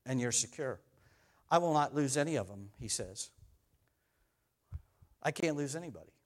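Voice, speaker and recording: A man's voice: mid-range voice, lively intonation, normal speed. A man preaching a sermon, reading scripture aloud and stressing key phrases again and again. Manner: emphatic, repeating key phrases.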